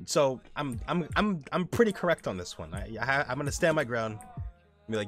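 Male streamer, casual rant, swears a lot, rambling and excitable, faint music behind. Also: mid-range voice, moderate pace. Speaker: gaming streamer. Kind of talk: casual rant while playing a game.

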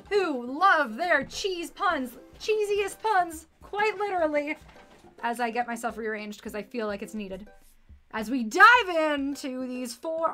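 Bright high-voiced playful woman streamer. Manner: playful and punny, chatty, rambles about food. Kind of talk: casual livestream chat while reading game text aloud.

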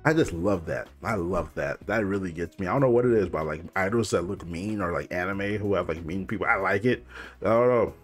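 A man's voice: deep voice, a little fast. A young man hosting a music video reaction, talking loosely and rambling with lots of filler words. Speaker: reaction channel host.

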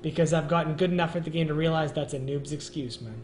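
A man's voice: a little high, fairly even intonation, fast talker, echoey room, a little hiss or hum. A man hosting a casual gaming chat stream, talking emphatically and peppering his speech with "man" and "dude". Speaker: show host.

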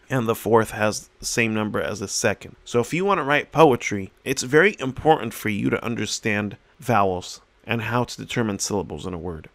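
A male teacher explaining a reading lesson step by step, slowing down to sound out example words and lifting his voice to stress key points. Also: medium pitch, a bit bright, no room sound.

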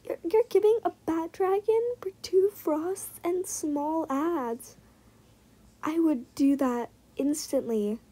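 Excitable high-voiced young gamer woman. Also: slow pace, low-quality recording. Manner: chatty, excitable, drops to muttered asides. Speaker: gaming vlogger. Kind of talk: casual gameplay commentary.

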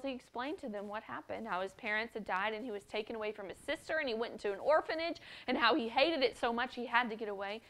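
A woman teaching children's church, telling a story and often addressing the boys and girls directly. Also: fairly high pitch.

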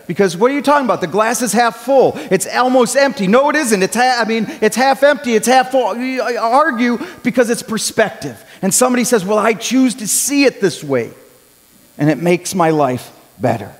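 High-voiced man preaching in a reverberant hall. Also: lively intonation, moderate pace. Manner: conversational preaching, rising to loud when acting out cries. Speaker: pastor. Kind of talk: sermon.

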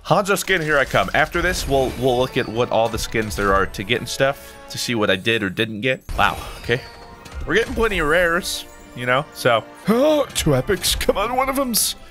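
A man's voice: mid-range voice, moderate pace, soft background music. A young American man commentating as he opens loot boxes, bursting into gasps, squeals and hummed tunes. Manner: animated, gasps and squeals at loot drops, sings and hums along. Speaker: gaming YouTuber. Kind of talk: excitable gameplay commentary.

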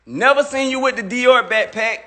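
A man's voice: very high-pitched, moderate pace, bright, forceful tone. A man in his thirties on a phone livestream, boastfully mocking a rival with repetitive jabs. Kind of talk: taunting livestream rant. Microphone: phone mic. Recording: long echoey reverb.

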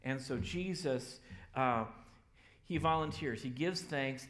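A man's voice: mid-range voice, slow pace, a bit bright. A man preaching a sermon as a pastor in a church, telling the story casually and acting out the voices of the people in it. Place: church sanctuary.

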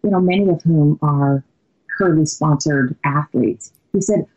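A woman's voice: low voice, a little slow, highs cut off. A woman guest on a podcast, telling a story animatedly and conversationally. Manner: animated, many "you know" fillers.

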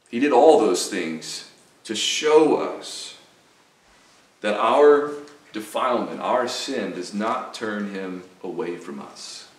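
A man with a Southern US accent preaching an earnest, emphatic sermon as pastor, often repeating phrases for weight. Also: medium pitch. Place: church sanctuary. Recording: echoey church sanctuary, voice from a distance.

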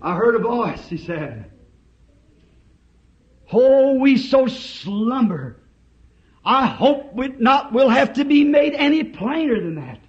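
Southern man, revival preacher, slow and deliberate, shouting then hushed, on a dull old tape. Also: extremely high pitch, big pitch swings. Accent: Southern United States. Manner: impassioned, swings from shouting to hushed. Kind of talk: old-time revival sermon. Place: church service.

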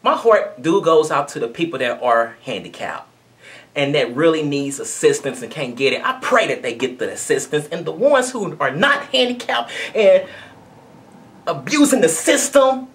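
A woman's voice: deep voice, expressive, normal speed. A woman giving a blunt, conversational commentary rant to camera as a video blogger.

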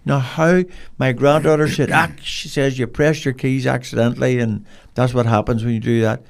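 An older man with a lilt spins long personal anecdotes in loose, chatty speech. His voice has a gravelly fry at its edges, sitting at a middle pitch. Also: little pitch movement, moderate pace, darkish tone. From Cork, Ireland. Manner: rambling anecdotal, colloquial. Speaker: guest. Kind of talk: casual storytelling interview.

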